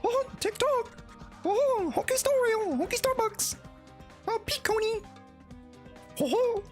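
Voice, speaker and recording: Chirpy cartoon mouse, squeaky and very high, bright exclamations. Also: male voice, animated, unhurried, soft background music. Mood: cheery. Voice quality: falsetto.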